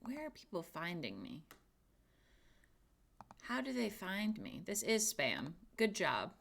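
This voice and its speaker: A woman's voice: mid-range voice, huge pitch swings, slow, creaky, fairly bright tone, slight background noise. A young woman streamer chatting casually and giggling, talking to herself as she reads things out. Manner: chatty, giggly, talks to herself while reading. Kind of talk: casual chat.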